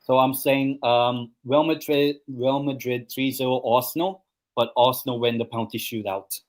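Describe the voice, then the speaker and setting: A man's voice: mid-range voice, level tone, moderate pace. Rambling young man hosting a stream. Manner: chatty, rambling, lots of ums and obviouslys. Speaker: host of a live match watchalong stream. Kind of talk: casual chat and match predictions.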